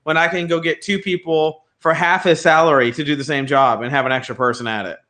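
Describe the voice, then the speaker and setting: Dude with a bright higher voice riffing on football, casual and slangy. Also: male voice, a little fast. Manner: animated, slangy, quotes others in put-on voices. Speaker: sports podcast co-host. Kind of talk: casual chat.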